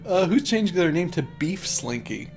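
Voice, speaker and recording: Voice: mid-range voice, sing-song, normal speed, a little mellow, soft background music. A streamer reading an absurd fan story aloud for a charity stream, breaking into laughter and incredulous asides. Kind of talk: comedic live-stream reading.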